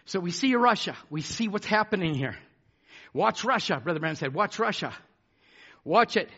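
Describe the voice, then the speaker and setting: A man preaching a fiery sermon, fervent, swinging between shouted declarations and hushed asides. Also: high-pitched, lively intonation, moderate pace, husky, muffled recording.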